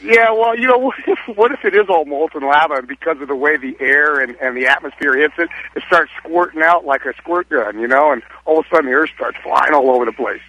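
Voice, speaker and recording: A man calling into a radio show, excitable and folksy, heard over a phone line. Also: on the high side, quick pace, few pauses, slightly rough. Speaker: caller. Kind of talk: radio call-in chat.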